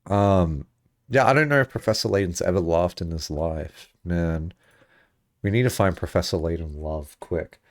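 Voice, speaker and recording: A man streaming a video game, joking and reacting casually as he plays. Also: moderate pace. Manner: joking, animated, with sudden swings in pitch. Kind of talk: casual let's-play commentary.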